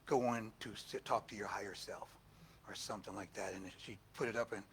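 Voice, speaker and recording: An older man preaching a storytelling sermon as pastor, animated and laughing, acting out quotes in a raised voice. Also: on the low side, a little fast, slight background noise.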